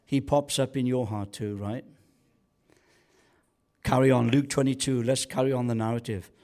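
A man's voice: mid-range voice, fairly even intonation, moderate pace, a little mellow. A man preaching a sermon as a guest pastor, colloquial and joking, building to passionate calls to the congregation.

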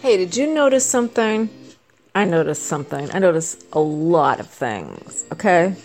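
A middle-aged woman rambling casually to the camera, chatty and self-deprecating. Her voice sits a bit low but swings up and down a lot, and she keeps drifting into side comments. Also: very animated, normal speed, over music. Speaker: vlogger.

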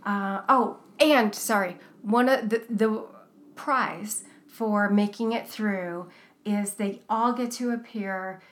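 A woman's voice: mid-range voice, fairly even intonation, slow. Chatty woman recapping with lots of ums. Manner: chatty, warm-hearted, with many fillers. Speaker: podcast co-host. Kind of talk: casual chat recapping a cooking show.

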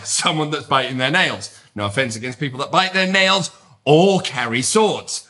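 A middle-aged man with a British accent hosting a podcast, talking in an energetic, emphatic, upbeat way. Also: mid-range voice, moderate pace. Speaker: podcast host. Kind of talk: motivational podcast monologue.

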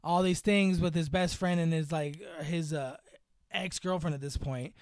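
A man's voice: fairly even intonation, moderate pace, a little mellow, clear, resonant tone, no echo. A young man casually recapping a movie plot, rambling with lots of fillers and acting out the characters' lines. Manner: rambling, filler-heavy storytelling, acts out lines in higher voices. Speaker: podcast co-host. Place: home room.

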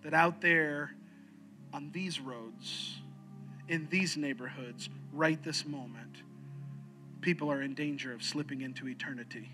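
A pastor preaching an earnest sermon, slowing and dropping low to press his points. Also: over music.

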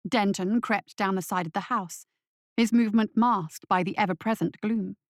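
A woman narrates a dark story in a steady, measured audiobook voice of middle pitch. The recording is dry and close, with no room sound. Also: no echo. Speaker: audiobook reader.

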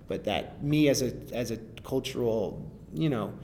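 A man's voice: medium pitch, normal speed, darkish tone, slight background noise. A man, a rapper, talking casually in an interview, rambling and restarting often with enthusiasm.

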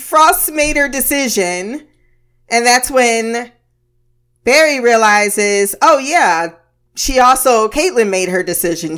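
A woman's voice: fairly high pitch, fairly bright tone. A woman giving a casual, blunt recap of a TV episode, swearing freely and laughing often between remarks. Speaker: TV episode reviewer.

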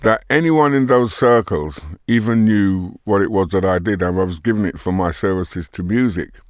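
A man's voice: on the low side, moderate pace, no room sound, studio quality. An older man from Barbados with a Barbadian accent touched by London, chatting easily as an interview guest and laughing often. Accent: Barbadian, with London traces. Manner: easygoing, laughs often while talking. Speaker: guest musician. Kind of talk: relaxed interview chat.

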